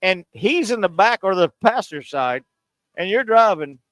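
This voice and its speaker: A man hosting casual sports radio banter, loud and jokey, swinging from shouting to mumbling. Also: high voice, animated, normal speed, dry recording.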